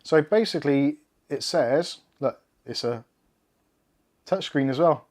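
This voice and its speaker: A man's voice: on the high side, takes it slowly, a little mellow. A man with a Bristol accent hosting a casual tech livestream from his desk, joking and swearing freely as he chats. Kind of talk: casual live-stream chat. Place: indoors at a desk with laptop and cameras.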